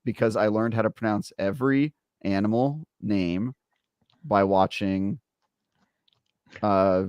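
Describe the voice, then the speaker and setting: A man's voice: on the low side, slow pace, darkish tone, clear, resonant tone, dry recording, muffled recording. A man co-hosting a gaming podcast in casual chat, rambling through stories and poking fun at himself. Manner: rambling, self-deprecating storyteller. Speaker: podcast co-host.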